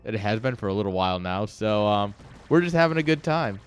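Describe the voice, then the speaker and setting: A man's voice: lowish voice, expressive, a little fast, clear, resonant tone. A man casually commentating a live video game match, ranting and joking while chatting with viewers. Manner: rambling, ranting, jokey, chats with viewers. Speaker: esports caster and streamer.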